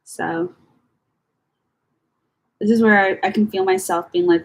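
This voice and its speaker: A young woman chatting casually to camera as she sorts through her files, rambling and swearing with slangy, animated talk. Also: medium pitch, slow, pauses often, rough recording. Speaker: vlogger.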